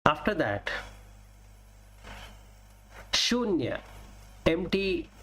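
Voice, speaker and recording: A man giving a Buddhist Dhamma talk as a teacher, deliberately naming Pali terms and explaining each in plain English with everyday examples. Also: a little high, sing-song, a bit bright.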